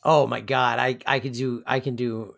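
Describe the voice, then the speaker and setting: A man's voice: medium pitch, flat delivery, moderate pace, vocal fry, fairly bright tone. A man co-hosting a podcast, introducing the episode and chatting casually, playful, with the odd announcer impression. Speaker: podcast co-host. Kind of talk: casual recap chat.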